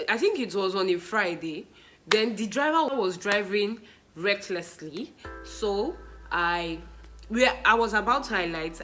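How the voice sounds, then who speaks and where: A young woman with a Nigerian accent telling funny personal stories in a casual vlog, animated and often laughing. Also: medium pitch, rough recording. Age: young adult. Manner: animated, laughing, mixes in pidgin and Yoruba exclamations. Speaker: vlogger.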